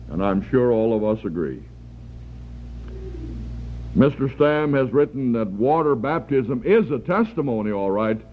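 A man preaching a sermon, earnest and deliberate, lifting his voice for emphasis. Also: mid-range voice, slight background noise. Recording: tinny phone-like archival recording.

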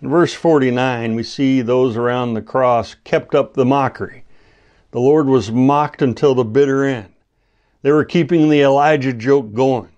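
A man preaching a sermon, teaching through a Bible passage in a measured, deliberate way and quoting scripture. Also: mid-range voice, darkish tone, lo-fi sound. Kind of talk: expository sermon.

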